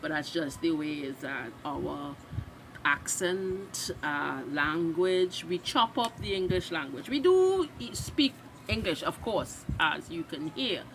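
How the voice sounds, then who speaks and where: A woman's voice: sits low, expressive, takes it slowly, slight background noise, low-quality recording. A woman from Trinidad with a Trinidadian accent, chatting loosely through a TV recap as a reaction video host and restarting her sentences. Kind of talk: casual recap and live reaction.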